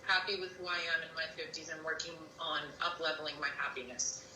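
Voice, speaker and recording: A woman's voice: deep voice, fairly even intonation, quick pace, bright, forceful tone, recorded from a distance, slight background noise. A woman co-hosting a live stream, chattily reading viewer comments aloud. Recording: roomy sound from off-mic.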